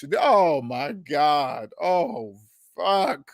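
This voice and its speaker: Animated, profane man telling stories. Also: high-pitched, moderate pace, no echo, studio quality. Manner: animated, profane, laughs at himself, acts out quotes. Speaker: podcast host. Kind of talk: casual storytelling monologue. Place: Seattle.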